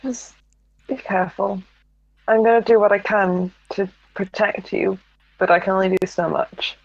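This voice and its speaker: A woman's voice: medium pitch, fairly even intonation, normal speed, gravelly, no room sound, lo-fi sound. A woman player speaking in character, earnest and protective. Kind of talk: in-character tabletop play.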